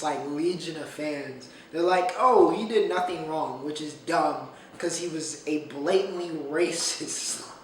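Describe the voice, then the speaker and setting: Animated man podcasting in an echoey room. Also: fairly high pitch, recorded from a distance. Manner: animated, emphatic, repeats phrases for effect. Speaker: podcast host. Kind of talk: casual solo commentary. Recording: echoey room, off-mic, faint noise.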